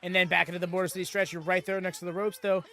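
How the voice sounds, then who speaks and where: A man hosting a live wrestling watchalong, reacting in a casual, excited and chatty way. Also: high voice, racing. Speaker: watchalong host.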